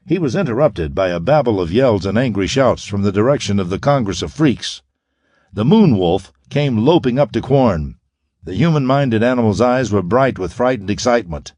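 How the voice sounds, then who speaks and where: A man narrating an audiobook in an expressive, lively reading style. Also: medium pitch, normal speed, dry recording, studio quality.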